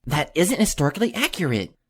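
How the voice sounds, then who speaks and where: A man reading an audiobook, voicing a bossy, bookish young filly unicorn with a high, whining voice. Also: big pitch swings, fast talker, a bit bright, breathy edge, exaggerated voice. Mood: exasperated. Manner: high-pitched, whining, insistent.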